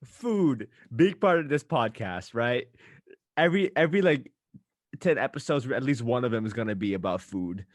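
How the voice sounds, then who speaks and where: A man's voice: medium pitch, no room sound. Young guy hosting a podcast, rants a lot, dry close mic. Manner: animated ranting, quick asides. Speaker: podcast host. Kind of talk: casual chat.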